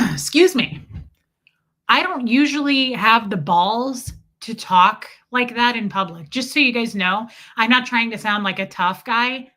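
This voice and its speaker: A woman hosting a livestream, telling a profane story in a casual, animated way and mimicking the people in it. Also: fairly high pitch, unhurried. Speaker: livestream host.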